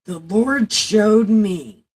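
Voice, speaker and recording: A woman reading the Bible aloud on a casual livestream, halting over the text and breaking off into chatty, salty asides. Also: medium pitch, animated, darkish tone, slightly rough, rough recording.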